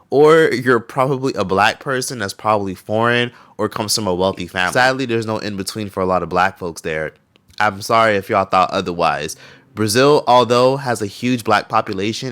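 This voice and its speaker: A man's voice: fairly low pitch, fairly bright tone. A man talking bluntly and emphatically in a casual commentary vlog, swearing freely. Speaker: vlogger.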